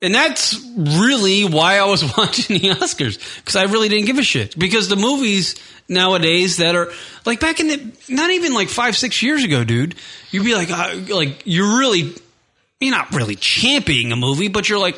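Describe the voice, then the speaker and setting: A man in his thirties co-hosting a casual talk show, ranting and swearing freely between loud laughs. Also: high voice, very animated, normal speed. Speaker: podcast co-host. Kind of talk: casual profane banter.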